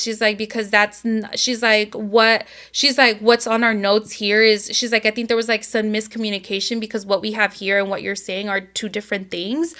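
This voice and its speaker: A woman's voice: on the high side, pushed and bright. A young adult woman, co-host of a podcast, telling a story in casual chat with lots of quoting and swearing.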